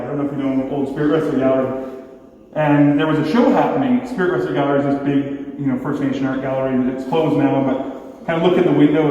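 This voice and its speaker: A male artist telling personal stories at a gallery talk, animated, acting out quoted dialogue and leaning on "like". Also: a little high, muffled recording. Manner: animated, acts out quoted dialogue with filler 'like'. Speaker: exhibiting artist. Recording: echoey hall, distant mic.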